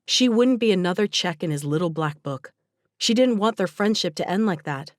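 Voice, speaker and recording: Audiobook narrator, woman, lowish voice, gentle even delivery, dead-dry booth. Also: normal speed, no echo. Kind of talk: scripted narration.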